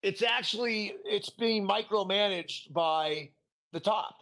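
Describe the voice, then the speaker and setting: Male host, excitable, high pitch, casual sports talk. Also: takes it slowly. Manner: excitable, says dude a lot. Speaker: podcast host. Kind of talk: casual sports chat and commentary.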